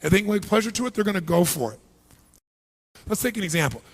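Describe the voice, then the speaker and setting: A man's voice: high-pitched, very animated, quick pace. A man giving a motivational seminar speech to a large live audience, firing rhetorical questions at them and acting out their inner voices. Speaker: motivational speaker.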